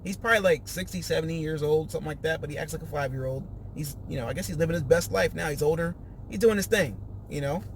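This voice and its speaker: Animated man recapping a show. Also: fairly high pitch, fast, a little hiss or hum. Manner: animated, acts out quotes in raised voices. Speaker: podcast host reviewing a reality show. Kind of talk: casual recap chat.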